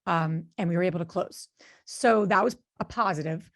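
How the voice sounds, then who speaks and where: A woman's voice: lowish voice, normal speed. A woman co-hosting a podcast, telling a story in casual conversation with an earnest manner and many fillers and restarts. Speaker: podcast co-host and real estate investor.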